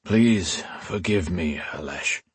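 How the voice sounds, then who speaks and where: A man voicing a powerful, weary old male ruler who speaks in a grave, measured way and sometimes growls. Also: lowish voice, slightly rough, no echo.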